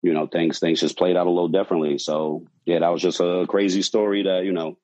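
A bartender recounts a wild story from his shift, casual and profane, animatedly acting out the quotes. His voice is deep and fairly quick, and the audio quality is poor.

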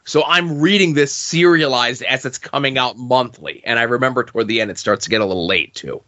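A man's voice: mid-range voice, a little fast, sharp tone, lo-fi sound. A man co-hosting a podcast, rambling casually about rereading a comic series. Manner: rambling, with fillers and restarts. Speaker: podcast co-host. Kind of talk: casual comic-book chat.

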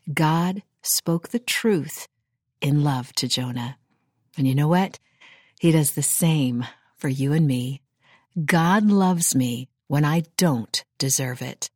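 A woman's voice: low-pitched, dry recording, studio quality. A middle-aged woman reading a Bible story aloud with expression, then teaching and praying, inviting listeners to repeat after her. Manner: earnest, expressive reading with call-and-response. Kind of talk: devotional Bible reading and prayer.

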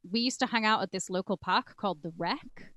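Her medium-pitched voice comes across bright, brisk and forceful as she co-hosts a true-crime podcast, casual and openly profane. This Cumbrian woman drifts from case notes into rambling tales and joking. The recording is dry, her voice sitting close on the mic.

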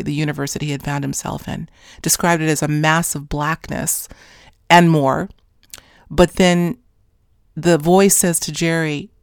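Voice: medium pitch, vocal fry, no echo. Rambling host telling a story, dry sound. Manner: rambling, many fillers and self-corrections; grows more animated toward the end. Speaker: podcast host recounting an interview. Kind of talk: casual storytelling monologue.

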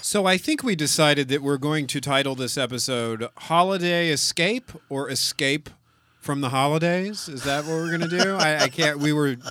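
A man co-hosting a casual podcast, wry and animated, reading listener comments aloud. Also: a little high, moderate pace, noisy background. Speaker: podcast co-host.

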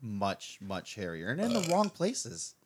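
A man's voice: fairly low pitch, wildly swooping pitch, measured pace, husky. A man, a father, hosting a casual podcast chat and telling a rambling story. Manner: rambling storytelling with restarts and laughs. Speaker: podcast host.

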